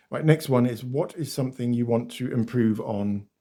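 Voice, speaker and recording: A man with an English accent, chatting casually to his viewers in a vlog question-and-answer session. He talks warmly and directly to the camera, laughs often and pokes fun at himself. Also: mid-range voice, measured pace. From England. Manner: chatty, often calls viewers "guys" and "beautiful ones"; laughs often, self-deprecating. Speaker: YouTuber. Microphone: phone.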